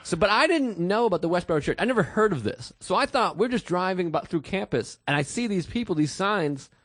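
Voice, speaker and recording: A man hosting a podcast, telling a profane comic story in a casual, animated way. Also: high-pitched, fairly quick, no room sound. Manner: profane, animated storyteller who bursts into shouted quotes. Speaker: podcast host.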